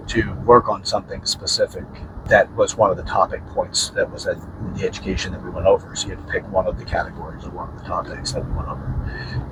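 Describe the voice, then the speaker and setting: A man's voice: deep voice, noisy background. A man hosting a podcast, telling a story casually, rambling and correcting himself with many fillers. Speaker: podcast host.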